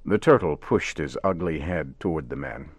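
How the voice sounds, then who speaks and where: A man narrating a radio story in measured, simple wording. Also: a bass voice, animated, breathy edge, no echo.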